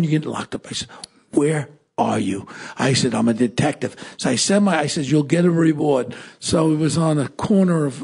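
An older man co-hosting a podcast, telling stories in an excitable, rapid way with lots of repeats. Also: fairly high pitch, creaky, breathy edge. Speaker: podcast co-host. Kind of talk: casual storytelling chat.

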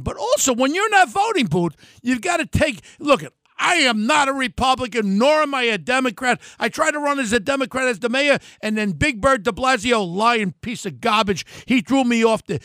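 An older man hosting a podcast launches into a loud, heated political rant, combative throughout. His voice is very high for a man, gravelly and sharp with force. The recording is close and dry, with no room sound at all.

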